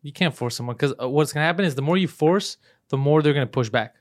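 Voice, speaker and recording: A man's voice: a little high, fast talker, dry recording, clean studio sound. A man in casual podcast chat, blunt and mocking, swearing freely.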